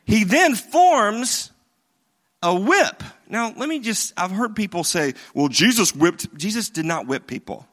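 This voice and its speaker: A man's voice: sits high, sing-song, measured pace, fairly bright tone. A man preaching a sermon in a conversational, joking way, often restarting his sentences. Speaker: pastor.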